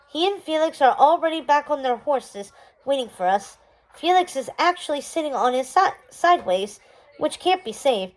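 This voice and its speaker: A woman reading a children's chapter book aloud in a steady, expressive storytelling manner. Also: sits high, moderate pace, low-quality recording. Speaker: storybook reader.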